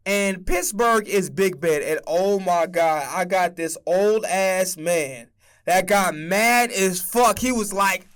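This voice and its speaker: Animated, profane young man ranting about football. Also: high-pitched, slow pace. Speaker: streamer. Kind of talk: casual sports rant.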